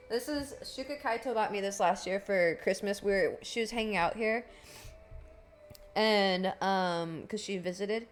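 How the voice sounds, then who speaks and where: A young woman streamer chatting casually on a live stream, rambling, swearing and laughing often. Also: mid-range voice. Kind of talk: casual livestream chat.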